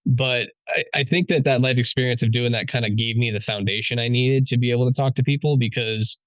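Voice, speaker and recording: A man's voice: medium pitch, steady tone, brisk, dry recording, lo-fi sound. A man, a police officer, talking casually on a podcast and leaning on "you know" and "like.". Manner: chatty, leans on "you know" and "like".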